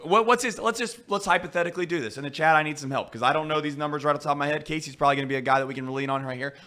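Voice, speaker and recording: A male sports talk host argues his case in a studio with a somewhat high voice. His tone is bright and forceful, and he builds his points through what-if questions. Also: rapid-fire. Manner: argumentative, poses hypotheticals.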